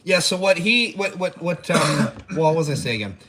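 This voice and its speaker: A man's voice: a little high, animated, normal speed, fairly bright tone, a little hiss or hum. A man hosting a casual livestream, joking crudely, laughing often and reading viewer comments. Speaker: livestream host.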